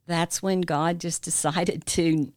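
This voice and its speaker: A woman's voice: fairly low pitch, steady tone, slow, a little mellow, no echo. An older woman, mother of the hosts, telling a long family story in a rambling way with many fillers. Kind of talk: storytelling in casual family chat.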